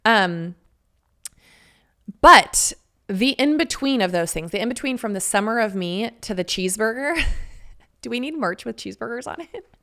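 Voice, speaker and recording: Frank, gravelly-voiced woman podcaster. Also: a little high, animated, moderate pace, long pauses, fairly bright tone. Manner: chatty, frank, swears freely, laughs between phrases. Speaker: podcast host. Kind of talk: candid personal storytelling.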